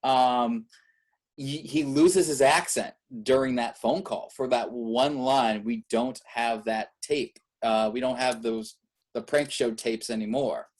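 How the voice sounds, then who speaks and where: A man talks casually in an interview, rambling through his stories with lots of fillers and restarts. His voice sits at an ordinary middle pitch, and he laughs now and then as he goes. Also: takes it slowly. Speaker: filmmaker guest.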